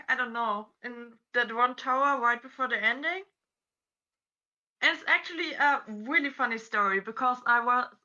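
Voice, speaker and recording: A woman's voice: high-pitched, pushed and bright, highs cut off. A woman cosplayer with a non-native English accent, chatting on a convention panel and telling stories with lots of "like" fillers. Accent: non-native English speaker. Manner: chatty, storytelling, many "like" fillers. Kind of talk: casual chat.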